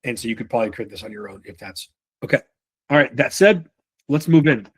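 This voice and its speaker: A man leading a live sales training session in a casual, profane way, often acting out quick lines from buyers and reps. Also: mid-range voice, lively intonation, breathy edge. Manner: casual, swears freely, acts out buyer and rep lines.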